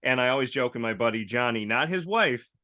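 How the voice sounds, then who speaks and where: As host of a casual chat show, a man tells stories with lots of energy, acting out the voices of the people in them. His voice is mid-range and moves slightly quickly.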